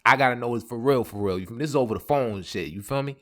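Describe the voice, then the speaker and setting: A man telling a casual storytime, animated, laughing often and jumping his voice up high when he quotes other people. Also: very fast.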